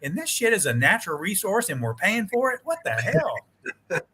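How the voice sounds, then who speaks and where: A man chatting as a guest on a live stream over a video call, telling animated stories, acting out quoted dialogue and swearing mildly. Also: high-pitched, fast, noisy background. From United States. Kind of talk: casual chat.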